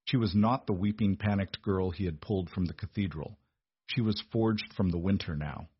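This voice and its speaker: Husky, low-voiced male narrator. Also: normal speed, dry recording, muffled recording. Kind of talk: scripted audiobook narration.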